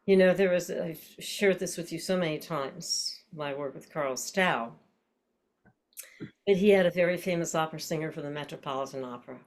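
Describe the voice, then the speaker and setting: Older lady voice teacher, low voice, talks through breath stuff, throws in tongue twisters and nonsense syllables. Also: moderate pace, a little hiss or hum. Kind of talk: online class lecture.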